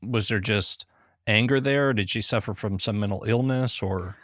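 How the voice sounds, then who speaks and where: A man's voice: fairly low pitch, normal speed, a bit bright, dry recording, clean studio sound. Easygoing Southern American man hosting. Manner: easygoing, asks plain questions. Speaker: podcast host. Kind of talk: casual interview chat.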